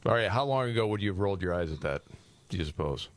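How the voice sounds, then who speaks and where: Low-voiced wry talk show host. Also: male voice, expressive, fast talker. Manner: wry, teasing, steers the conversation with questions. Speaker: podcast co-host leading the segment. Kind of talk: casual news talk show banter.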